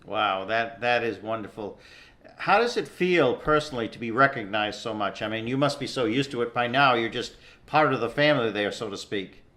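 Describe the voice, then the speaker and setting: A man's voice: medium pitch, expressive, moderate pace, bright, forceful tone. A man hosting an interview, effusive and generous with praise for his guest. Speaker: show host.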